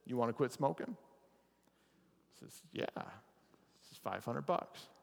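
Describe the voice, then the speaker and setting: A man preaching a chapel sermon as a pastor, telling a story with lively acted-out lines. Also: medium pitch, slow pace, creaky, big-room sound. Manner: animated storyteller, acts out characters' lines. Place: chapel or meeting hall.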